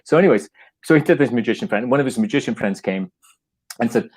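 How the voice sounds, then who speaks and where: A man's voice: mid-range voice, fast, husky. A middle-aged man from Canada, a playwright and actor, telling an anecdote casually with laughs and frequent restarts. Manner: animated, laughing, acting out quotes, many restarts.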